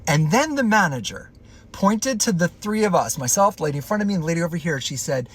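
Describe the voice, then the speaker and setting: A man's voice: fairly high pitch, animated, brisk, husky. A man casually recounting a personal story in a chatty, loose way, with plenty of filler words.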